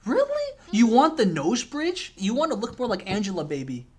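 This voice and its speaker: A man's voice: very high voice, huge pitch swings, moderate pace, husky. A young man hosting a casual chat, talkative and self-deprecating, peppering his sentences with "man". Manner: chatty, self-deprecating, says "man" a lot. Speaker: host.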